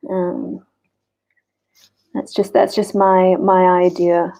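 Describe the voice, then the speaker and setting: A woman teaching an online grammar lesson, slowly repeating each example sentence. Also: lowish voice, little pitch movement, gravelly, warm tone. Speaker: English teacher. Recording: dull lo-fi recording.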